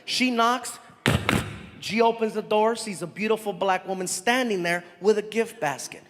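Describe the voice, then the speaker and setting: A man doing animated live stand-up storytelling on a theater stage. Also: sits high, moderate pace. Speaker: stand-up comedian. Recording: live hall with loud crowd.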